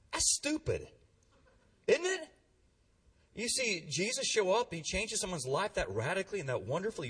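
A man preaching a sermon in a church, energetic and calling on the congregation to respond, heard from a distant mic. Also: fairly high pitch, slightly rough. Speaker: pastor.

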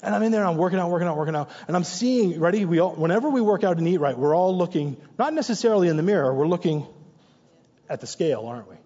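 A male pastor with a high, mellow voice preaches fast and animatedly, telling anecdotes in a conversational way and repeating short exhortations for emphasis. The recording is dull and muffled, with long reverb.

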